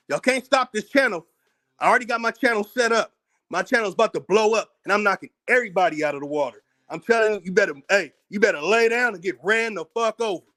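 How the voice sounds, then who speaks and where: An American man hosting his own channel launches into a heated, profane commentary rant. His high-pitched, fairly bright voice turns combative, and he repeats words as he works himself up.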